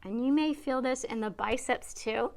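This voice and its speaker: A woman's voice: on the high side, normal speed, creaky. A woman fitness instructor guiding a beginner workout, counting reps aloud and a little out of breath. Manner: encouraging, counts reps aloud while exercising.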